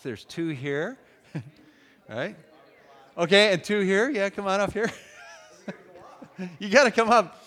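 A man giving a humorous, conversational talk on faith at a church event, animated and joking with the audience. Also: sits high, takes it slowly, long pauses. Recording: reverberant hall.

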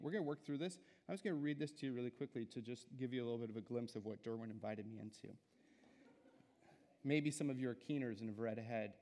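A young adult guest preacher speaks fast in a mid-range, slightly mellow voice. His sermon in the church sanctuary is informal and self-deprecating, full of filler words, and the hall's long reverb lingers on his speech.

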